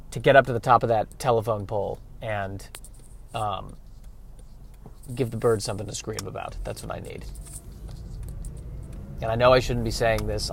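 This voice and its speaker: A man's voice: fairly low pitch, vocal fry, a bit bright, a little hiss or hum. A man hosting a casual comedic solo podcast, rambling in a self-deprecating way and often restarting his sentences. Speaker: podcast host.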